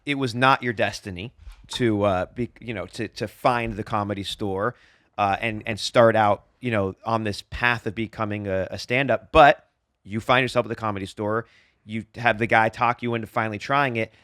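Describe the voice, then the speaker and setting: A man's voice: on the low side, steady tone, normal speed, a bit bright, no room sound, clean studio sound. A man hosting a podcast, asking his guest loose, conversational questions. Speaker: podcast host. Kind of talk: casual interview questions.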